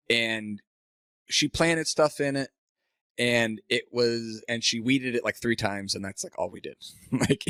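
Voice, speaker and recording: A man's voice: on the low side, a bit bright, no room sound. A man hosting a tech podcast, chatting casually and telling rambling, jokey stories. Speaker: podcast host. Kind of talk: casual chat.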